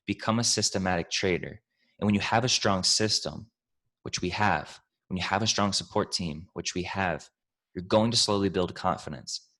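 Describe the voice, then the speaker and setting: Speaking at a moderate pace in a low, pushed, bright voice, a trading mentor answers questions casually. He's pumped up, profane, and coach-like, addressing his listeners as family and team.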